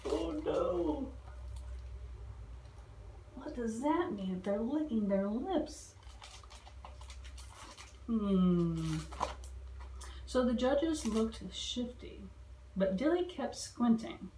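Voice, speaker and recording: Slow, expressive woman reading a storybook. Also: fairly high pitch, slight background noise. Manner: expressive, asks the children questions. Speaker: children's librarian. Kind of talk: reading a picture book aloud to children. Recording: roomy echo.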